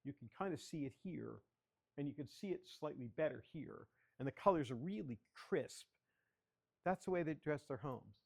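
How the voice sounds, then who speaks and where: An older man with a slightly higher than usual voice, talking his way through a slideshow of his own photographs for a club. He tells chatty stories about each shot and keeps asking for the next slide. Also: animated, normal speed, creaky, darkish tone, breathy edge. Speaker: guest speaker, photographer. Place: children's library area.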